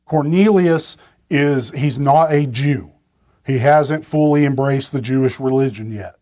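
A man's voice: medium pitch, unhurried, warm tone. A man preaching a sermon from a pulpit, talking in a conversational way with restarts and side remarks to the congregation. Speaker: pastor.

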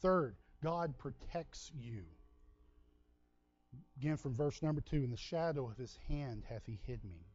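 A man's voice: medium pitch, animated, unhurried, a little mellow, muffled recording. A man from Texas with a Texan drawl, preaching a sermon in a folksy, conversational way with asides to the congregation. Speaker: pastor.

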